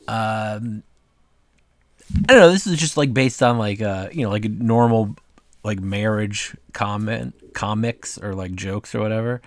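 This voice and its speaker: In a casual vlog, a man with a low-leaning voice talks through his own cartoons at a measured pace, rambling and peppering his speech with "like" and "uh." The recording is dry with clean studio sound.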